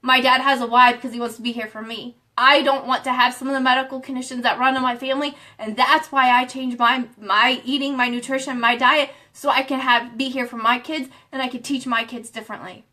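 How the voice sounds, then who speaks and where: Bright, high-voiced woman giving an earnest pep talk. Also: little pitch movement, a little fast, hardly any pauses. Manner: earnest, fired-up, rambling with restarts. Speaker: accountability group coach. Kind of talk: motivational live stream talk.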